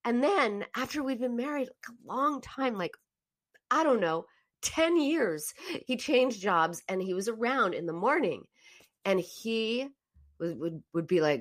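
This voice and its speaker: A woman's voice: medium pitch, animated, moderate pace, fairly bright tone. A woman host talking through listener comments and telling stories in a reflective, anecdotal way, often restarting her sentences. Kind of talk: casual live-stream talk about self-help.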